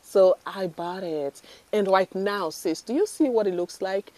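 A woman's voice: medium pitch, unhurried, warm tone, dry recording. A woman fashion vlogger chatting casually through a bangle try-on haul, gushing and full of fillers and restarts. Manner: gushing, chatty, lots of fillers and self-corrections.

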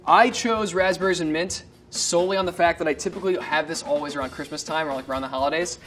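A man's voice: a little high, fast talker, a bit bright, soft background music. A man who is a home cook chatting casually and jokingly about his dessert. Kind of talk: casual cooking talk.

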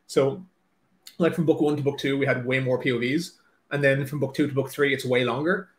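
An Irish author chats casually and nervously, then reads aloud, in a mid-range voice that's brisk and fairly even. He's self-deprecating, with many filler "likes" and restarts, and the recording is reverberant.

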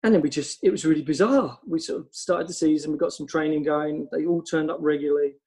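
Man with a slightly high voice, telling stories. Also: quick pace, darkish tone, low-quality recording. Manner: rambling anecdotes with frequent ums. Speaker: women's football coach. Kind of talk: casual podcast storytelling.

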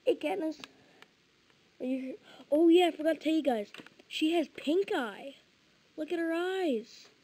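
High-voiced rambling vlogger girl. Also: unhurried, long pauses, mellow, slight background noise, rough recording. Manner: rambling, stammering repeats. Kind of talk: casual vlog chat.

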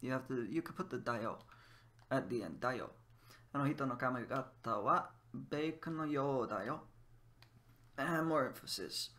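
A man's voice: mid-range voice, lively intonation, normal speed, sharp tone. Playful man teaching Japanese while gaming. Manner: playful, laughs often, drills words by repeating them. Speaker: language teacher. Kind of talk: casual gameplay lesson.

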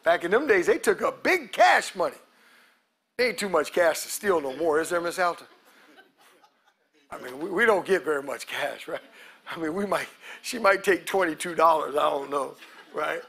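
A male pastor preaching a sermon to his congregation, calling out to them and acting out quotes, breaking into loud shouts at the peaks. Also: on the high side, lively intonation, normal speed, vocal fry, husky. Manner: preaching with call-outs to the congregation, acts out quotes. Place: church sanctuary.

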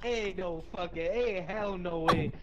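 Brash, slangy teammate, heavy swearing, with loud noise behind. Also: male voice, sits high, unhurried, lo-fi sound. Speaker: fellow player. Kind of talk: casual gaming chat.

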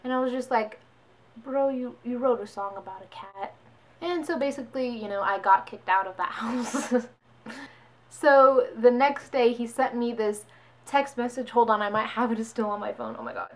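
A young woman talks straight to her viewers in a loose, chatty storytime voice. Her pitch sits a little high, and she jumps into quick impressions of the people in her story. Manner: chatty, animated quoting of others. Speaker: vlogger. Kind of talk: casual storytime.

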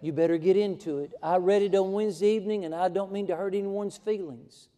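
A man preaching from the pulpit in a folksy, emphatic style that climbs to fervent heights. His voice sits high for a man yet sounds dark and mellow. It rings out with the long reverb of a church sanctuary. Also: moderate pace. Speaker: pastor. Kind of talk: sermon.

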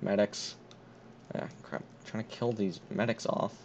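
A man's voice: fairly low pitch, steady tone, a little slow, gravelly, a little mellow, slight background noise. Dry sarcastic young guy, muffled mic. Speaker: gamer. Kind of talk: casual gaming chat.

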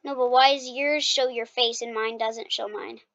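Woman, high voice, playful gameplay commentary, teasing, dull lo-fi mic. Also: fairly even intonation, a bit bright. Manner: playful, quick to protest and tease. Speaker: gaming channel host.

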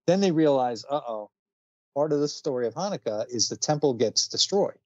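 A man's voice: mid-range voice, expressive, brisk, no echo, highs cut off. A man casually retelling a comic book story on a podcast, chatty, with many fillers and frequent laughs. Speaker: podcast co-host.

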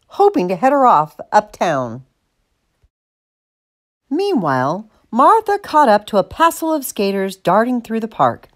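A woman reading a children's picture book aloud in an expressive, deliberate manner. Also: medium pitch. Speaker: storybook reader.

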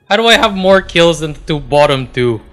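A man's voice: on the high side, animated, fairly quick, fairly bright tone, soft background music. A young man in casual gaming chat, wry and asking his teammates questions. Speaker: gamer.

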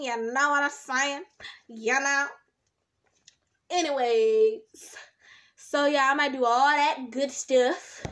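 A young woman rambles to her camera while she makes slime, talking to herself as much as to her viewers. Her voice sits high, and she drags her words out slowly. It is an easygoing, homemade vlog. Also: a bit bright. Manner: chatty, rambling, self-talking with drawn-out words. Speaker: slime vlogger. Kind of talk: casual rambling vlog chat. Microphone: camera set up nearby.

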